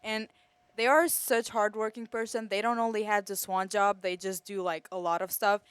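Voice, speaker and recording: Heartfelt young woman with a smooth voice. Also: mid-range voice, flat delivery, normal speed, no echo. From Kosovo. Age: teens to early 20s. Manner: heartfelt, many fillers. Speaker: exchange student. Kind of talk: emotional thank-you speech. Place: school TV studio.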